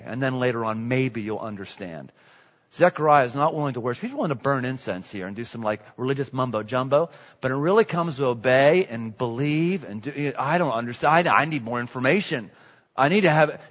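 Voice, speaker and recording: A man preaching a sermon in a lively, joking way. He repeats himself and acts out voices. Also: medium pitch. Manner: animated, jokey, repetitive, acts out voices. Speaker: pastor. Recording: echoey hall, dull sound.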